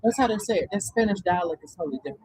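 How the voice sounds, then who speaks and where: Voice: medium pitch, expressive, racing, a little mellow, breathy edge, dry recording, low-quality recording. Rambling storyteller in casual chat. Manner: rambling storyteller with many fillers.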